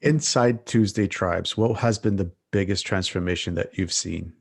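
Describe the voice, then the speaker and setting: A male podcast host who asks slow, measured interview questions, heard from a distance. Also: low-pitched, gravelly, slightly rough.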